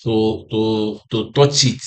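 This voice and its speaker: This tired forex trading analyst yawns through a screen-share lesson on trading charts, speaking slowly in a fairly low voice with fairly even intonation. He keeps restarting and repeating his phrases, asking himself "what?" and then answering.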